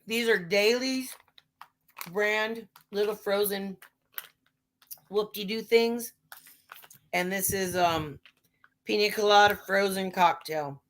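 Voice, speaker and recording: A woman with a medium-pitched voice speaks slowly and pauses often. She's hosting a casual livestream chat, telling rambling, profanity-laced stories.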